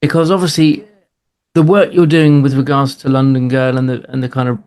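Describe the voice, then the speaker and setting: A man co-hosting an interview, asking long rambling questions with restarts and offering quick affirmations. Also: mid-range voice, flat delivery, a little mellow. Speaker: co-host. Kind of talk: casual interview chat.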